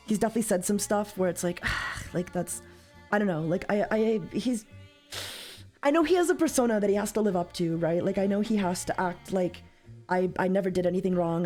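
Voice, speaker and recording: A woman's voice: medium pitch, a little mellow. A woman streaming live, talking casually to her chat in a rambling way, often repeating herself and swearing.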